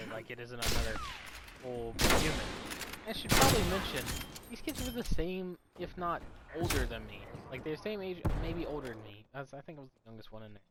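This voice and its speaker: A young man telling a story in a casual, profane, animated way while gaming. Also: medium pitch, very noisy. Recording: loud game gunfire underneath. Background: video game gunfire and voice lines.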